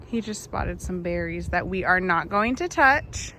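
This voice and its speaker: A woman's voice: lowish voice, expressive, unhurried, noisy background. A young woman vlogging a child's nature walk outdoors in a park, chatty and upbeat with frequent laughter. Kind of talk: casual narration to viewers.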